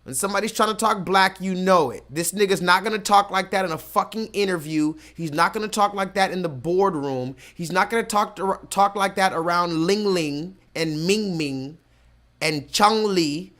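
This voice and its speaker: A man hosting a livestream, ranting casually and reading chat comments, cursing freely and slowing down to hammer his points home. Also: high voice, fairly bright tone. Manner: profane, emphatic, slows down to stress points.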